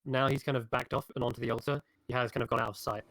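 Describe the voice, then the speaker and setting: A man running an online tabletop game as game master, narrating the scene and rulings in a relaxed, descriptive way. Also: mid-range voice, racing, vocal fry, dry recording, rough recording. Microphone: online call mic.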